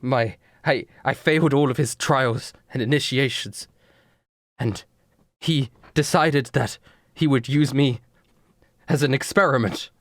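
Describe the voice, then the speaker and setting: A man's voice: medium pitch, unhurried, no echo, studio quality, close to an everyday voice. Man playing a bitter young cyborg. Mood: grim. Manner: accusing, grim. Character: bitter young male cyborg, once a captive kid.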